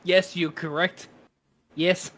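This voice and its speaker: A man's voice: sits high, flat delivery, slow pace, a bit bright. A man hosting a live stream, chatting casually and exasperated while he fixes broken chat commands. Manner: chatty, exasperated, laughing at tech troubles. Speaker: streamer host.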